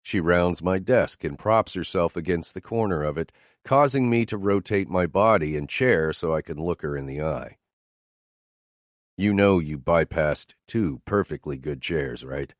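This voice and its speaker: A man's voice: sits low, lively intonation, measured pace, dry recording, studio quality. A man reading a romance novel aloud in first person, with a terse, firm, cold delivery. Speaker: audiobook narrator. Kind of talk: scripted first-person narration.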